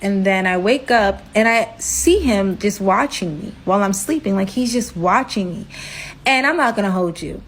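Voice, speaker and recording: A woman with a mid-pitched voice tells a personal story in a loose, chatty way. She leans on slang and fillers, and her pitch leaps up sharply whenever she stresses a point. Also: normal speed, a little hiss or hum. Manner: animated and slangy, jumps high in pitch for emphasis. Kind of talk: casual storytime narration.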